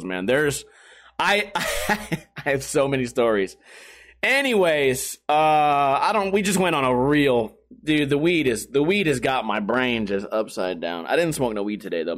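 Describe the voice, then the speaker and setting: A man in his thirties casually telling a profane, animated story as a streamer. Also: high-pitched. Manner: animated, profane, laughing through stories.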